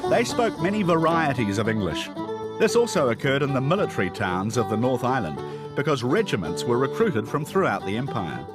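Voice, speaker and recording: A man with a New Zealand accent giving scripted documentary narration in a measured, storytelling way. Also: medium pitch. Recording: voice-over with music behind. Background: guitar music.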